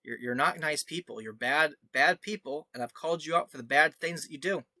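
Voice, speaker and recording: A man with a slightly high, sharp voice speaks a little fast on a dry recording. An online commentator, he reads his own article aloud, going through screenshots with sarcastic, mocking, scornful remarks and frequent laughter.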